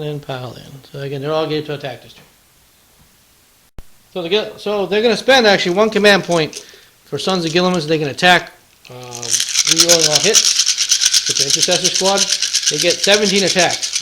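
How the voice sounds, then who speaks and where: A man's voice: on the high side, pushed and bright, a little hiss or hum, poor audio. A man hosting a tabletop wargame battle report, chatting casually through the play, counting dice aloud and throwing in playful taunts.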